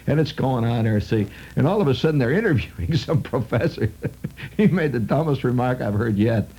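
A man's voice: medium pitch, lively intonation, moderate pace, warm tone, breathy edge, poor audio. A man hosting a radio show, delivering a wry, digressive monologue full of sardonic asides. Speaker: radio host.

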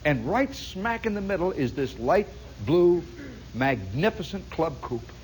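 Animated high-voiced male storyteller. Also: unhurried, a little hiss or hum, low-quality recording. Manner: rambling, animated, full of asides. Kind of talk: spoken storytelling monologue.

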